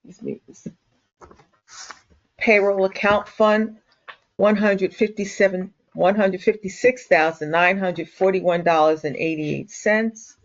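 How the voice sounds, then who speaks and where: A woman chairing a public meeting, losing her voice and clearing her throat as she reads formal procedure aloud. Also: medium pitch, steady tone, measured pace. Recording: dull lo-fi meeting audio.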